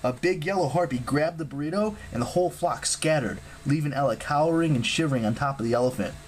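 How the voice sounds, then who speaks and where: An audiobook reader narrating a fantasy novel aloud in an expressive style. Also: medium pitch, fast, a little hiss or hum, poor audio. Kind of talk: scripted narration.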